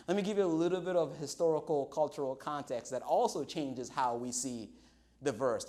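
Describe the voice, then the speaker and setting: A male pastor delivering a chatty, humorous sermon. His voice sits fairly high, and he keeps pulling the listeners in with quick asides. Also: darkish tone. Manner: conversational, humorous, frequent "right?" asides.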